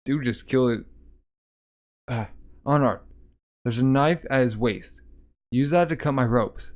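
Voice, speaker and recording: A man's voice: medium pitch, fairly even intonation, unhurried, long pauses, darkish tone. A man casually reading a manga aloud, voicing the lines and adding sound effects and asides as he goes. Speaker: manga reader.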